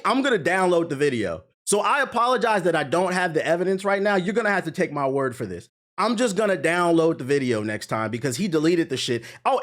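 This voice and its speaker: A young man giving profane, emphatic commentary as a streamer reacting to a critic. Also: high-pitched. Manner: animated, profane, emphatic ranting.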